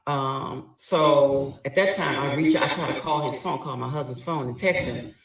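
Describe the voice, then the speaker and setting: A woman's voice: rumbling low, moderate pace, very echoey, far from the mic, rough recording. A woman telling a story dramatically, acting out both sides of a quarrel. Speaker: guest telling her story. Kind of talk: animated storytelling.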